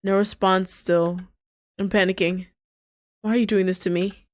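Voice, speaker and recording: A young woman's medium-pitched voice keeps fairly even intonation at a moderate pace in a dry recording. She's a gamer narrating a visual novel aloud as a let's-play, interrupting the lines with shocked, swearing reactions.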